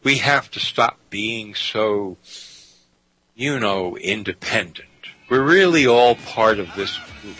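A man's voice: lowish voice, expressive, takes it slowly, pushed and bright, poor audio. A man hosting a talk radio show, speaking emphatically and often saying "you see". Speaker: guest radio host.

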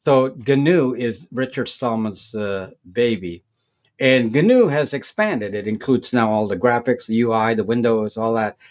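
Halting man explaining tech. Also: medium pitch, darkish tone. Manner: halting, many repeats and restarts. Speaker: tech video creator as guest. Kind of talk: casual explanatory interview talk.

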